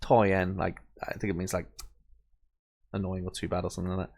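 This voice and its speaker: Low-pitched and fairly flat, this young man's creaky, darkish voice moves a little fast. He's doing let's-play commentary, reading out the game, chatting casually, wandering into tangents and leaning on fillers.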